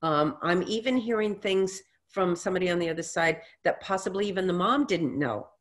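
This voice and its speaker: A woman with a fairly low voice speaks as a guest in a relaxed interview. She tells her stories in a lively way and slips into other people's voices as she quotes them. Her tone stays reassuring and teacherly. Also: brisk. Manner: animated storyteller who acts out quotes. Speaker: guest, intuitive reader. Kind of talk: casual interview conversation.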